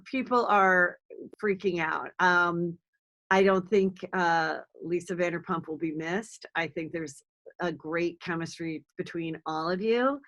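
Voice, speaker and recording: A woman's voice: lowish voice, a little slow, a bit bright. A woman in her forties, a comedian hosting a podcast, chatting in a gossipy way with frequent ums. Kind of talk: casual interview chat.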